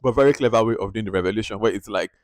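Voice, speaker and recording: Talking very fast in a low-side voice, a man reviews a film in a chatty, animated way, leaning heavily on the word "like." There's no echo.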